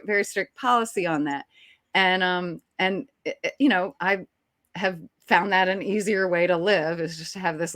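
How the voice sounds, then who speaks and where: A woman who is an actress, telling a story as an interview guest in a lively, chatty way with quick restarts. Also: medium pitch, no echo, clean studio sound. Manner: animated, chatty, frequent restarts and laughs.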